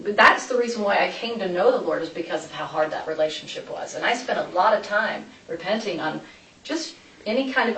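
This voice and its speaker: A woman's voice: on the low side, a bit bright. A woman giving a rambling account in a police interview, recorded from a distance in an echoey interview room. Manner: rambling, many restarts and asides. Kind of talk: recounting events in a police interview. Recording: echoey room, distant mic, background noise.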